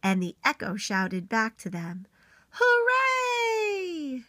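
A woman teacher reading a picture book aloud to young children in an expressive, animated way. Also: a little high, normal speed, no echo, studio quality. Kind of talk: storybook read-aloud.

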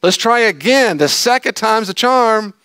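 Man doing a loud teacher figure, high exaggerated voice, drawn-out questions. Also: expressive, clean tone, dry recording, clean studio sound, full character voice. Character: Jesus, a patient teacher asking loudly.

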